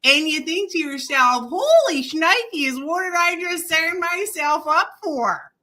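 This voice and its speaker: A woman's voice: high voice, lively intonation, slow, sharp tone, voice pushed up, exaggerated voice. A woman putting on an exaggerated Midwestern accent to read out a fellow runner's race pick in a sing-song storytelling manner. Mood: playful.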